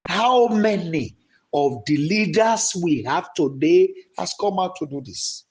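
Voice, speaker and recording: A man with a Nigerian accent, a pastor preaching and then leading the congregation in prayer, slow and deliberate, rising to shouts in prayer. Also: high voice, expressive, low-quality recording. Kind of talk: sermon and led prayer.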